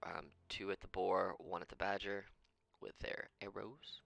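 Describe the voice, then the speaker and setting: A man's voice: low-pitched, level tone, unhurried, gravelly, a bit bright, no echo. A man running a tabletop game as game master, rambling as he thinks aloud and counts out moves under his breath.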